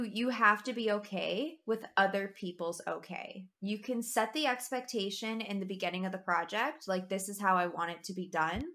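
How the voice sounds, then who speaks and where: A woman's voice: medium pitch, bright, forceful tone. A woman who is a new manager, talking bluntly in casual chat and swearing freely.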